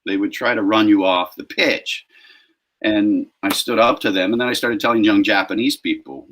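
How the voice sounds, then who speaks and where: A man's voice: fairly low pitch, fairly even intonation, moderate pace, a bit bright, low-quality recording. A man, a street performer guest, telling stories in a casual interview and acting out confrontations with emphasis.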